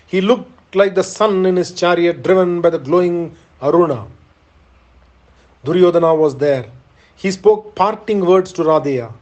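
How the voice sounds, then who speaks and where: A man's voice: high voice, a little slow, darkish tone, muffled recording. Solemn male reader of an epic. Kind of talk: scripted epic narration.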